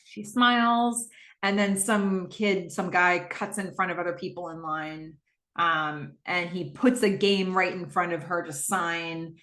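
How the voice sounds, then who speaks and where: A woman's voice: fairly low pitch, steady tone, unhurried, fairly bright tone. A woman hosting a podcast, recapping a TV episode in a casual, chatty way with frequent fillers. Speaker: podcast host. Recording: roomy echo.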